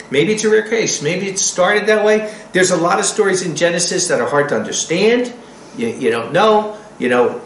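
Мужчина-проповедник, оживлённо читает проповедь, высокий голос, гулкая комната с лёгким фоном. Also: male voice, high voice, roomy sound, slight background noise, poor audio. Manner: animated, acts out quotes. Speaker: preacher. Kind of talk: sermon.

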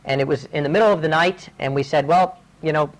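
A man's voice: fairly high pitch, quick pace, poor audio. A male preacher giving a sermon, telling his own stories in an earnest, urgent way.

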